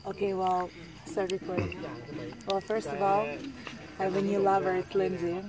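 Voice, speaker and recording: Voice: medium pitch, flat delivery, moderate pace, crowd noise. Someone chatting casually and playfully, gushing while eating with friends outdoors. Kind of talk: casual chat.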